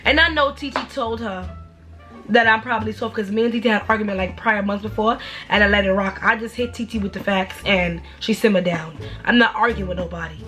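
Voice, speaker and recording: A young woman telling a storytime in a blunt, animated, slangy way, with sudden high exaggerated outbursts. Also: fairly quick, faint music behind. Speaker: storytime vlogger. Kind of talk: casual storytime rant.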